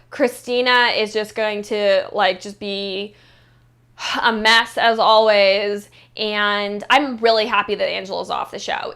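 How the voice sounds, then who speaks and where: A woman's voice: mid-range voice, fairly bright tone, clear, resonant tone. A woman vlogger giving a blunt, profane, sassy recap of a reality show, peppered with "like". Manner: blunt and profane, heavy use of "like"; sassy, mocking commentary. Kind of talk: casual reality-show review monologue.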